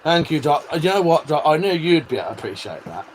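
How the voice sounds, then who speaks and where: A chatty British man hosting a casual livestream, his voice sitting a touch higher than most men's. He swears freely and laughs often, with a faint fan hum behind him. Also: sing-song, fast talker. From United Kingdom. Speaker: livestream host. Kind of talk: casual livestream chat reading viewer comments.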